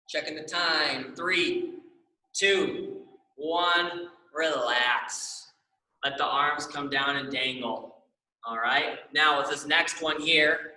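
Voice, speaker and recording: A man's voice: a little high, pushed and bright, reverberant, recorded from a distance, low-quality recording. A young man leading a stretching class, upbeat and encouraging, often checking in with the class. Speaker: exercise class instructor.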